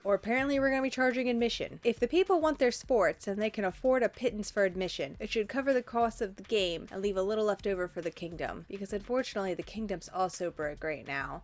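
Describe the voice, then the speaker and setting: A woman giving chatty, sarcastic let's play commentary in a playfully villainous tone. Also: mid-range voice. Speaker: gaming video creator.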